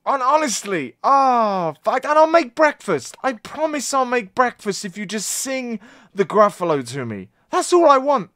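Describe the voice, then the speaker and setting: A British reaction video host giving casual, excitable commentary full of swearing and loud exclamations. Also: medium pitch, a little slow, dry recording, studio quality. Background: song playing faintly.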